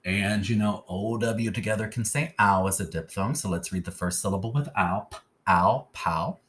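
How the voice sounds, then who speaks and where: Deep-voiced man teaching a phonics lesson. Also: moderate pace, a bit bright, slight background noise. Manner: patient, keeps checking in with "okay?".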